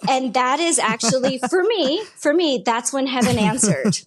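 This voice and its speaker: A woman's voice: sits high, expressive, moderate pace, crowd noise. A woman guest giving an earnest, emphatic personal faith testimony in conversation, speaking in short repeated phrases. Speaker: podcast guest.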